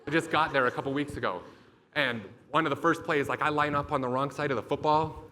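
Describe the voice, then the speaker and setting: A man's voice: a little high, fairly even intonation, quick pace, sharp tone. A man giving a motivational keynote talk, telling a vivid story with lots of swearing. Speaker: motivational speaker. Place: event stage.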